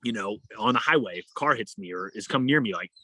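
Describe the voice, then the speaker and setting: Speaking quickly in a fairly low, slightly rough voice, this endurance athlete is a young adult guest in a relaxed interview. He animatedly recounts a story, performing the quoted lines of each character.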